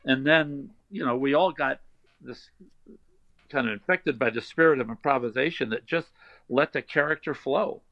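An older man, a voice actor guest, telling animated anecdotes in a casual interview and slipping into playful voices. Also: mid-range voice, moderate pace, dry recording. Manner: animated storyteller who slips into playful voices. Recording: dry, dull lo-fi sound.

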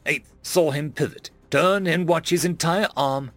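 A man narrating a web serial in first person, dramatic and expressive, dropping to a hush at pauses. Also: on the high side, dry recording, faint music behind. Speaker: audiobook narrator.

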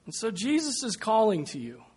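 A man's voice: high-pitched, huge pitch swings, normal speed, a little mellow, breathy edge. A man preaching a sermon, making earnest, pleading appeals that suddenly swell in volume.

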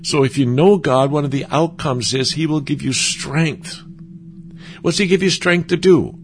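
A man's voice: a little high, a little hiss or hum. A man giving an earnest, conversational sermon as a preacher, often stumbling and restarting his sentences. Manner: earnest, halting with frequent restarts.

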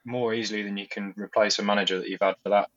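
A man on a football podcast, thinking out loud in rambling turns and correcting himself as he goes. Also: fairly low pitch, flat delivery, racing. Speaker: podcast guest. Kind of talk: casual chat. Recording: dull lo-fi sound.

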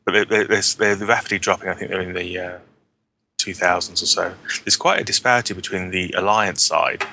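A man's voice: low voice, fairly even intonation, a little fast, creaky, bright, forceful tone, slight background noise. A man hosting a casual gaming podcast, rambling and correcting himself with a wry tone. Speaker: podcast host.

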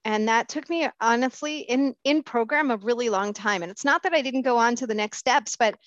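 A middle-aged woman giving a candid, self-mocking recovery talk, pausing often with fillers and restarts. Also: a little high, a bit bright, dry recording. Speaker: speaker sharing at a recovery meeting. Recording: dull, dry lo-fi sound.

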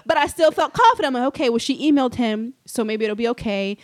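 Young woman guest, quick casual storyteller, lively and laughing, throws on loud high voices for quotes.

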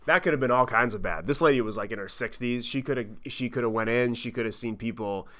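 A man with a bright, forceful voice hosts his own podcast, telling a long travel story. He swears freely and pokes fun at himself. His pitch sits in an ordinary middle range. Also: quick pace. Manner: animated, profane, self-mocking storytelling. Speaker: podcast host. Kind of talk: casual storytelling monologue.

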